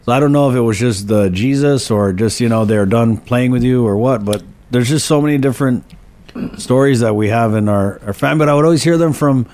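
An easygoing man from with a mid-pitched voice. He tells his own stories in a casual chat and often quotes what people said. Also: fairly quick, darkish tone. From Guam. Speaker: co-host.

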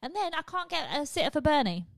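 A woman's voice: high voice, very animated, fast, gravelly, no echo. A woman hosting a podcast, telling frank, self-mocking stories full of swearing. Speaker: podcast host. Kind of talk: comic confessional storytelling.

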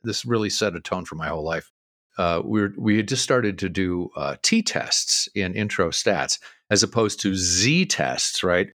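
A middle-aged man on a podcast, co-hosting and telling an animated story with a lot of laughter. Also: low-pitched, a little slow, no room sound, clean studio sound. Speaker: co-host. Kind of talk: casual storytelling.

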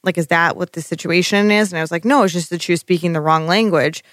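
A podcast co-host chatting about a show, laughing often and thinking out loud with casual swearing. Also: mid-range voice, steady tone, quick pace, no room sound, studio quality. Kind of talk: casual recap chat.

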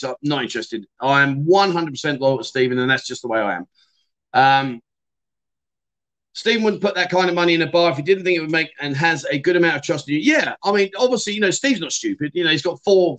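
A man's voice: fairly high pitch, a bit bright. A middle-aged man, hosting a casual livestream and chatting loosely with many fillers and restarts. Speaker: livestream host.

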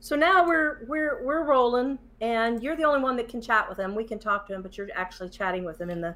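A woman chatting casually, retelling a story with lively acted-out quotes. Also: on the high side, fairly quick. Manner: lively retelling, acts out quoted whispers and shushing.

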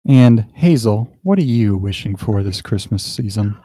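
A man with a low, mellow voice runs a tabletop game and narrates the scene at an easy, halting pace. The sound is dry and close, with no room around it. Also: husky, no echo. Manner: relaxed, halting scene-setting with fillers. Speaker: game master.

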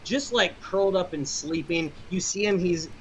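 A man's voice: high-pitched, normal speed, fairly bright tone, highs cut off, slight background noise. A man running a tabletop game as game master, narrating in a rambling way with many fillers.

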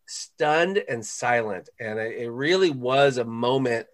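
A middle-aged man, a parenting author appearing as a podcast guest, telling a personal story in an animated, heartfelt way and often saying "man". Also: mid-range voice, takes it slowly.

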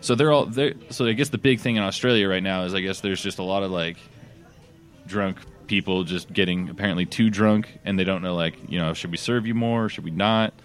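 A man's voice: low-pitched, brisk. A man co-hosting a casual podcast from a sports bar, rambling through a news story with many fillers and frequent laughs. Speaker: podcast co-host reading news.

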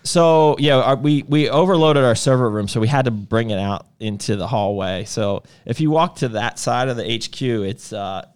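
A man talks easily in a relaxed chat and tells a rambling story. His voice sits at an ordinary pitch, and he leans on plenty of fillers as he goes. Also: normal speed, hardly any pauses, clean tone. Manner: loose storytelling with many fillers. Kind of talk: casual chat.

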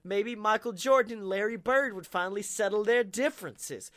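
High, bright-voiced man riffing comedically. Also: moderate pace, hardly any pauses, no room sound, studio quality. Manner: animated storytelling, swears, laughs a lot. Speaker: podcast co-host. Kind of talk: comedic mock courtroom argument.

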